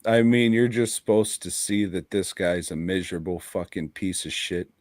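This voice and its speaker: A man's voice: low voice, moderate pace, a little mellow, no room sound, studio quality. A man co-hosting a casual podcast chat, blunt and profane, laughing often. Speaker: podcast co-host.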